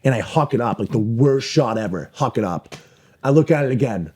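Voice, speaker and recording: A young man in his twenties, a podcast guest telling a long story in a rambling, profane, excitable way with lots of restarts. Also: mid-range voice, fairly quick, breathy edge. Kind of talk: casual storytelling.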